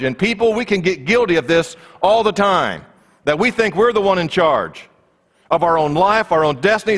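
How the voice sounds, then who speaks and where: A man's voice: fairly high pitch, fairly bright tone, long reverb tail. A man preaching a conversational sermon, acting out the voices of the people in the story.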